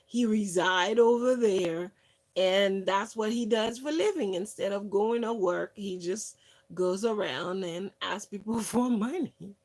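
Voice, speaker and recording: A woman hosting a wellness channel, telling stories casually with many fillers and restarts, and acting out other people's words with lively shifts. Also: medium pitch, measured pace. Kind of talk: casual storytelling monologue.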